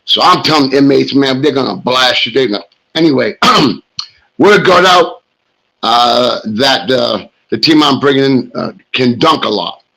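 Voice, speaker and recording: A middle-aged man hosting a sports show, hoarse and telling rambling stories in a casual monologue. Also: medium pitch, lively intonation, unhurried, sharp tone, poor audio. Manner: rambling storyteller, talks smack.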